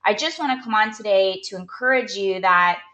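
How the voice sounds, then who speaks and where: A woman speaks as a performance coach in a casual motivational talk, chatty and full of "like" fillers. Her voice is bright and sharp. The room around her is echoey. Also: medium pitch, lively intonation, fairly quick, lo-fi sound. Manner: chatty, storytelling, lots of "like" fillers.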